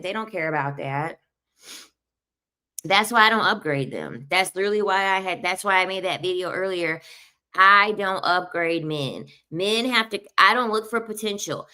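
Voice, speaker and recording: Woman in her 30s ranting casually, blunt and repeats herself, kinda low but punchy bright tone. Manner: blunt, emphatic, repeats points. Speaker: online commentator. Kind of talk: casual opinion commentary.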